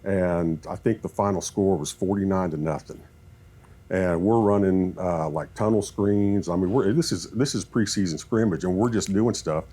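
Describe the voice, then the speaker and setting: Low husky-voiced man telling coaching stories. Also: normal speed. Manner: animated storyteller, acts out quoted talk. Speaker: guest football coach. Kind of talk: storytelling in podcast chat.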